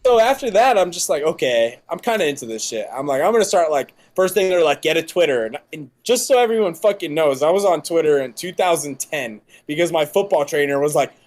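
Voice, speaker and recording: High-voiced young man telling wild stories. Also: a little fast, hardly any pauses. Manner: animated, heavy swearing, laughing often. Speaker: podcast guest. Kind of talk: casual storytelling chat.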